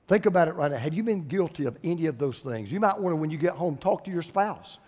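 An older man preaches a sermon from the pulpit, his voice sitting high. He leans on repetition to drive points home, and a long reverb trails through the hall. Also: animated, quick pace, a little mellow. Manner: emphatic, repeats phrases for stress. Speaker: pastor.

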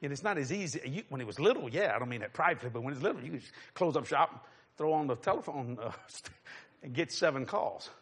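A middle-aged preacher tells a story in a sermon, acting out the voices of other people. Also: male voice, mid-range voice, fast talker, slightly rough. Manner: animated, acts out voices, chuckles.

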